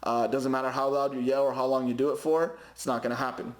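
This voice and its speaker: A young man talks through parrot-care advice in a relaxed, rambling way, stopping often for fillers and restarts. His voice sits at an ordinary middle pitch. The room around him is echoey. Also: quick pace. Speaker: parrot owner giving care tips. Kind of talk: casual advice vlog. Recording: roomy echoey home recording.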